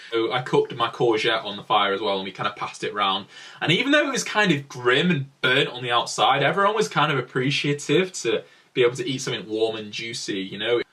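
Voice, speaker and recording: Male vlogger, young, bright tone, filler-heavy storytelling, a bit off-mic. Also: medium pitch, recorded from a distance. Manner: chatty, rambling, many "like" fillers. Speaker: travel vlogger. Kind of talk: casual storytelling narration.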